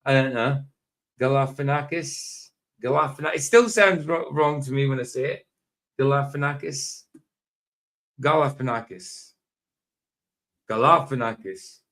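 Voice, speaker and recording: A man's voice: medium pitch, a little slow, pauses often, fairly bright tone. A man hosting a live stream in casual, rambling chat, often chuckling and talking to himself.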